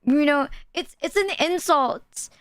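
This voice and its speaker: A woman's voice: high-pitched, slow pace, fairly bright tone, no echo. A woman from the Philippines, chatting casually and profanely as a streamer reacting to videos. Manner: loose, profane, laughing asides. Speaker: VTuber streamer.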